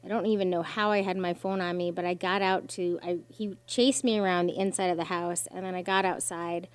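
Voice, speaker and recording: A woman's voice: lowish voice, fairly quick, smooth. A woman guest on a podcast, telling a personal story with strong emotion, swearing freely and acting out the voices of others. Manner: animated, swears freely, acts out quoted voices.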